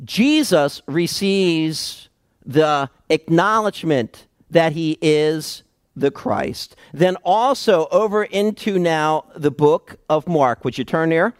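A male pastor delivers a sermon in an unhurried, deliberate cadence. His voice sits a little high for a man. The sound is dry and close, and he stresses each key word with measured pauses. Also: expressive, no room sound. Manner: slow, emphatic Bible exposition with dramatic pauses.

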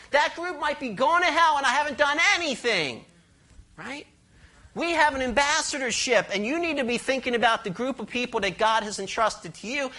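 A woman preaching a sermon, emphatic and questioning, leading the congregation in responses and slowing down to read verses. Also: a bit bright. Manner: emphatic, rising to high passionate stress, slowing to read verses; asks the congregation questions and leads call-and-response.

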